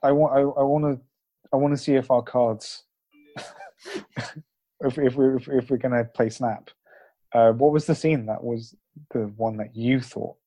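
Male podcast host, playful, teasing, mid-pitched voice. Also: fairly even intonation, a little slow, pauses often, dark tone. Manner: playful, teasing, thinks aloud with restarts. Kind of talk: casual podcast chat.

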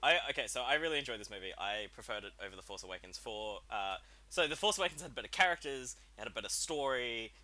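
A man co-hosting a podcast film review in casual chat, joking around and halting with restarts. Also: medium pitch, expressive, sharp tone.

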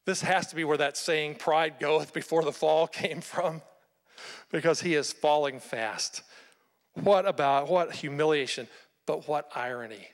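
A man preaching a sermon, retelling a Bible story with lively storytelling and rhetorical questions to his listeners. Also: a little high, unhurried, long reverb tail. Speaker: pastor.

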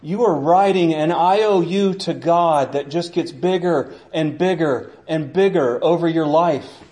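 A man's voice: a little high, measured pace, a little mellow. A man preaching a sermon in a church, impassioned and dramatic, acting out the voices he quotes. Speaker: pastor.

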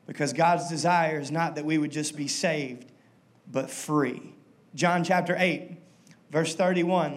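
A man preaching a sermon as pastor, stressing key words slowly and breaking into quick asides, leading the congregation to repeat phrases. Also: a little high. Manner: emphatic, leads congregation in call-and-response.

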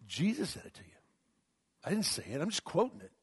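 A man's voice: sits high, huge pitch swings, a little fast, slightly rough, dry recording. A middle-aged male pastor preaching a sermon, swinging from emphatic rises to near-whispers, often restarting his words. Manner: repeats words and restarts mid-phrase.

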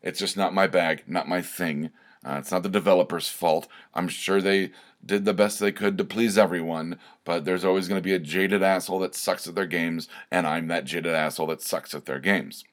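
A deep-voiced male host rambles through a casual solo podcast monologue at normal speed with fairly even intonation. He's self-deprecating, full of fillers and restarts.

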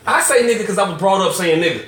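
Animated laughing man in a roomy space. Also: sits high, fast, distant mic. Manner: animated, laughing, stammering restarts. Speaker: podcast co-host. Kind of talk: casual chat. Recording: roomy, from off-mic, faint noise.

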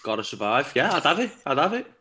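A man's voice: fairly high pitch, very animated, bright, forceful tone. A man, co-hosting a podcast with crude jokes. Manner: joking, crude, quick quips. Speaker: podcast co-host. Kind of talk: casual banter.

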